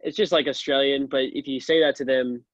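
A man co-hosting a podcast, chatting in a relaxed way with dry humor. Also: medium pitch, fairly quick, no echo, muffled recording. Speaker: podcast co-host. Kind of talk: casual chat.

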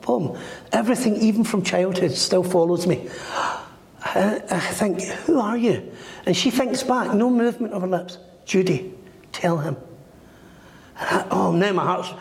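A middle-aged man who works as a medium tells a story in an interview, acting out the voices of its characters. His voice is high and darkish with vocal fry, in an echoey room with long reverb.

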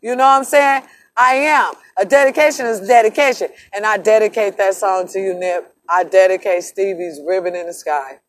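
A woman's voice: mid-range voice, normal speed. A woman talking straight to her viewers in a casual vlog, emphatic and emotional, swearing freely and calling them "y'all". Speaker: vlogger.

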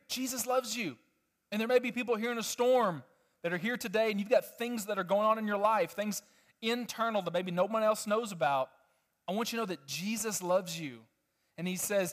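A man preaching a sermon to a congregation with children, animated and emphatic, often asking the audience questions. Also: sits high. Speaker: pastor.

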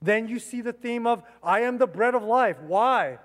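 Very high-voiced and animated, a male pastor preaches at a normal speed into a mic, and the church sanctuary adds a long reverb tail. He stresses his points, repeats phrases, and puts rhetorical questions to the congregation.

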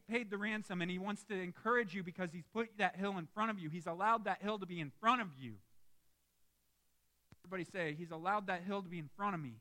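A young adult man preaching a sermon in a church, emphatic and lively, with joking asides to the congregation. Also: sits high. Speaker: pastor. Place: church sanctuary.

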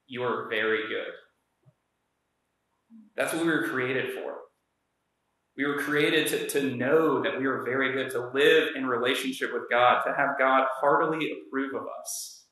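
Bright-voiced young man preaching casually. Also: mid-range voice. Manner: casual, conversational storytelling with many fillers. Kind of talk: sermon. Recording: very echoey room.

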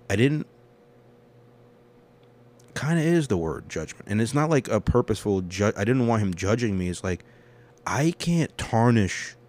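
Profane rambling man hosting a podcast. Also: lowish voice. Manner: candid, profane, rambling, swings between loud rants and quiet confessions. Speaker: podcast host. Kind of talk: casual solo podcast monologue.

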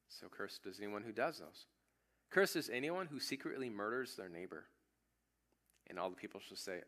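A man preaching a sermon, reading scripture aloud and explaining it in a casual, animated way. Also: fairly low pitch, normal speed. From United States. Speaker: pastor.

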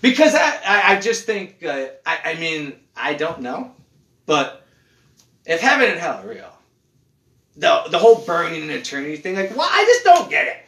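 Lively, swearing man in an echoey room. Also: a little high, moderate pace, creaky. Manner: animated, swearing, restarts a lot. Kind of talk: casual chat.

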